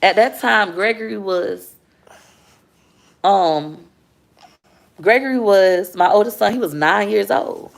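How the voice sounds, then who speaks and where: A woman's voice: mid-range voice, takes it slowly, gravelly, long pauses. Candid mom telling her story. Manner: candid, heartfelt, addresses viewers as y'all. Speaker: mother and livestream host. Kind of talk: emotional personal storytelling on a livestream.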